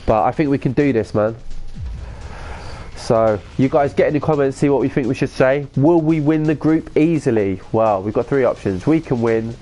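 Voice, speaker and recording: Excitable chatty man streaming. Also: mid-range voice, moderate pace, faint music behind. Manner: chatty, excitable, reads viewer comments aloud. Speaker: gaming streamer. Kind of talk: casual live-stream commentary.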